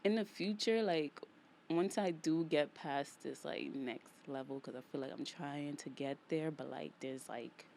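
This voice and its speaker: A woman's voice: low-pitched, a little slow, vocal fry, slight background noise. A woman with a New York accent hosting a casual solo podcast, talking in a playful, slangy way and repeating phrases for emphasis. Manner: animated, playful, slangy, vents with emphatic repetition. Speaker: podcast host.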